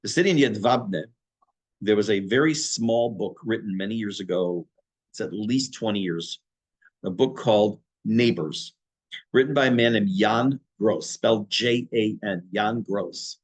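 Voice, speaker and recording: A middle-aged man, a rabbi, teaching a history class in a conversational way, pausing for asides to his listeners. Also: fairly low pitch. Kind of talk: informal history lecture.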